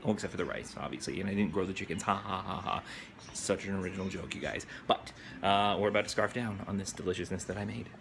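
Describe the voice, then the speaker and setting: Man, vlog host, low voice, chatty and self-mocking, noisy handheld audio. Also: vocal fry. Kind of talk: casual daily vlog. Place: car, stores and home kitchen.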